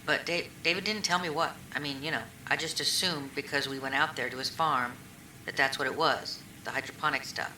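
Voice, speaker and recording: Being questioned as a witness in a recorded police interview, this woman speaks a little fast in a low, bright, forceful voice with fairly even intonation. Her answers ramble through old conversations, thick with fillers, and the echoey room leaves a faint hiss.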